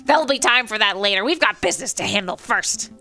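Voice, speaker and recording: A woman voicing a fussy young male sparrow assistant in a game, brisk and teasing. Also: mid-range voice, lively intonation, sharp tone, soft background music.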